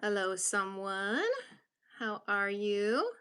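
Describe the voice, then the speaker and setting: A woman's voice: mid-range voice, fairly even intonation, slow pace, fairly bright tone, smooth. A woman from Massachusetts hosting her first livestream, chatting casually and greeting viewers by name in an upbeat way. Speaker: livestream host. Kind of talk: casual live-stream chat.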